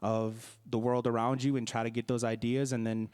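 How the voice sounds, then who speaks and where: A man's voice: medium pitch, flat delivery, moderate pace, a little mellow, clean tone. A young man, a singer-songwriter from the Milwaukee area, answering interview questions in a casual, hesitant way with many fillers and restarts.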